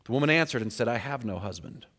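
A man's voice: medium pitch, expressive, fast talker, fairly bright tone, in a large hall. A man preaching a sermon, acting out the voices in the scripture story as he goes.

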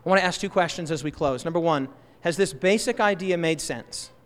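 In a church hall that lends his voice a long reverb, a male preacher with a high voice delivers a fervent sermon. He alternates between loud, climbing emphasis and soft, unhurried asides.

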